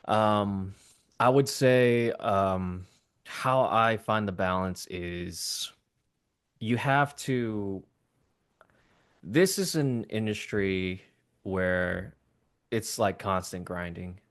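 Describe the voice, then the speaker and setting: A man in his thirties, a voice actor, answering interview questions in a casual, animated way with many fillers and restarts. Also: fairly low pitch, very slow, long pauses, clean tone. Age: 30s. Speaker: voice actor guest.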